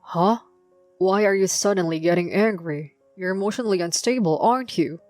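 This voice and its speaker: A woman's voice: medium pitch, moderate pace, darkish tone, no echo, soft background music, close to an everyday voice. A woman voicing a lazy young husband who talks in an offhand, mocking way. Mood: dismissive. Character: lazy dismissive husband, young adult man.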